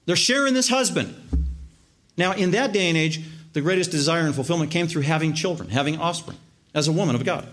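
A man preaching a sermon, emphatic, stacking repeated words into long lists and slowing down to stress key words. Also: a little high, a bit bright. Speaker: pastor.

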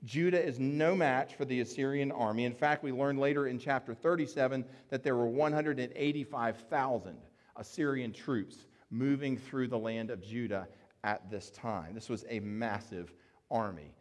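A man's voice: medium pitch, normal speed. A man preaching a sermon in an explanatory, conversational way, with fillers and restarts. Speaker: pastor.

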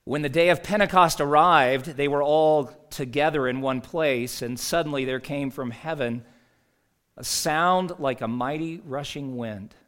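A man's voice: on the high side, measured pace, fairly bright tone, smooth. Man preaching a conversational sermon. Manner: conversational preaching with rhetorical questions. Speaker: pastor.

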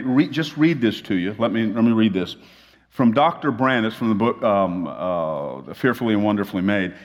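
A man preaching a sermon as a pastor, telling a humorous personal story and then reading a passage aloud. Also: lowish voice. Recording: long reverb of a large hall.

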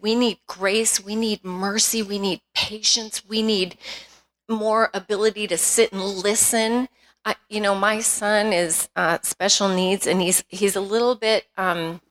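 A woman's voice: medium pitch, a bit bright. A middle-aged woman speaking at a women's retreat, candid and conversational, often restarting her sentences.

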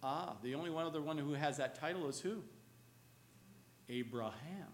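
Guy preaching a sermon, high-pitched, gets loud then drops real quiet and slow. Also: slight background noise. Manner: swings between loud emphatic and hushed slow; asks the congregation questions. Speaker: pastor.

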